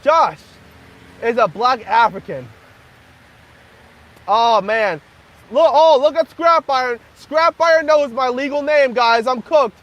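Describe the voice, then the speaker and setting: A young man hosting a casual livestream, joking crudely and half-yelling to be heard over loud background noise. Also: extremely high pitch, animated, slow, long pauses. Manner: crude joking, frequent laughter. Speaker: livestream host. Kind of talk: casual livestream chat with viewers.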